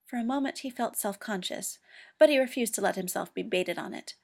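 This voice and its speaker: A woman reading a story aloud as narrator, steady and expressive. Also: medium pitch, brisk, creaky. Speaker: reader. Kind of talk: audiobook narration.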